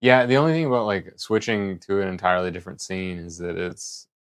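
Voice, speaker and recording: A man's voice: low voice, fairly even intonation, fairly quick, clear, resonant tone. A man streaming live who rambles casually and thinks aloud as he talks. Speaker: livestreamer.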